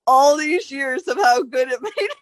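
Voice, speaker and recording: A woman co-hosting a podcast in casual chat, giggly and quick to put herself down. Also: high-pitched, animated, no room sound. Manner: self-deprecating, giggly. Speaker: podcast co-host.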